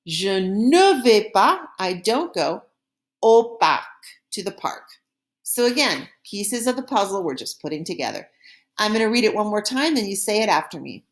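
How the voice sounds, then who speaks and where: A woman teaching a recorded French lesson, explaining in a friendly classroom way and saying model phrases slowly and clearly for repetition. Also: medium pitch, very animated. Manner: slow, carefully pronounced model phrases for repetition; friendly classroom explaining with small slips and laughs.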